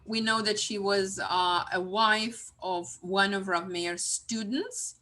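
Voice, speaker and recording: A woman teacher retelling a religious story in a class, halting often with fillers. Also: mid-range voice, pushed and bright.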